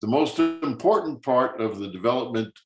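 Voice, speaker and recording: A man reading a text aloud in a study group, in a plain, fairly monotone manner. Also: mid-range voice, moderate pace, echoey room, loud music behind the voice, rough recording.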